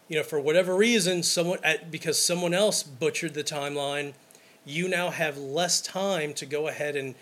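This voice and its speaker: A wedding photographer in casual podcast chat, telling stories emphatically and acting them out, with plenty of false starts. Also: male voice, a little high. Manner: animated, emphatic storyteller who acts out scenes; talks in repeated false starts.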